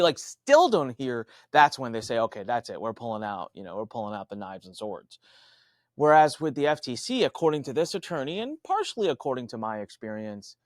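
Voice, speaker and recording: A man speaking as a podcast guest, telling stories in an animated, conversational way and acting out other people's voices. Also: dry recording, clean studio sound. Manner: animated, acts out quoted voices with big pitch jumps. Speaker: podcast guest, marketing coach. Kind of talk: conversational storytelling.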